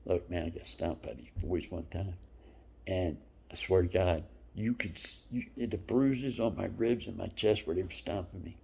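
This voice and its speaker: A man in his fifties telling rambling stories, profane and loose, dropping into whispered asides between louder bursts. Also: low voice, moderate pace, creaky, breathy edge. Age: 50s. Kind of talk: rambling storytelling monologue.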